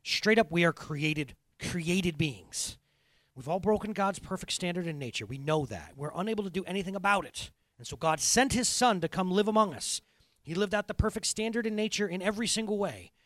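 A man's voice: high voice, animated, a little fast, fairly bright tone, dry recording. A middle-aged man preaching a sermon as pastor, earnest and conversational, building to impassioned.

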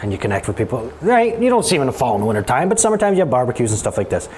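A man preaching in a church as its pastor, with a conversational style that climbs high when he presses a point. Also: very animated, rapid-fire, darkish tone, slight background noise. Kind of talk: sermon. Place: church sanctuary.

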